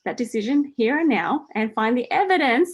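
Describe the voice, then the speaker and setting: Woman, forties, friendly coach answering a listener, chatty with a steady "right?". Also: fairly high pitch, moderate pace, husky. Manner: chatty, repeats "right?" often, laughs lightly. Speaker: host answering a listener's question. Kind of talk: casual spiritual coaching talk.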